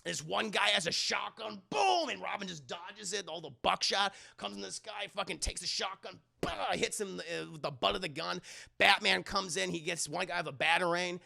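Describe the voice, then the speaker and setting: A man streaming a casual, animated and profane movie recap while talking to his chat. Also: high-pitched, moderate pace, creaky.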